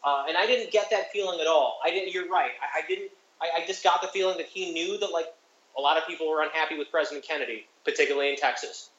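A man's voice: fairly high pitch, quick pace, fairly bright tone, slight background noise. A man talking casually about a film in a thoughtful, rambling way, with many fillers. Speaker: podcast co-host. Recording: echoey, dull lo-fi mic.

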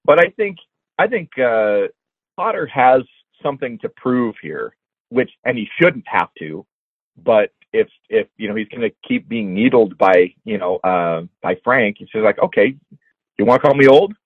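A man co-hosting a casual chat, lively and laughing as he muses aloud. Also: on the low side, a little slow, husky, no room sound. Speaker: podcast co-host. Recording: tinny phone-like line.

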